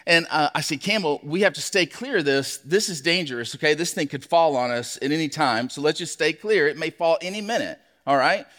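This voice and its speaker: Male pastor, high voice, animated storyteller; sermon in a reverberant hall. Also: fairly quick, hardly any pauses. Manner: animated storytelling, acts out his own shouts.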